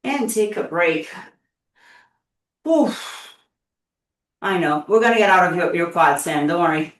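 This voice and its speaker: A woman's voice: fairly low pitch, brisk, fairly bright tone, far from the mic. A woman leading a live online workout class, playful and encouraging, cheering her students on and getting out of breath. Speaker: fitness instructor. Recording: echoey room, voice from afar.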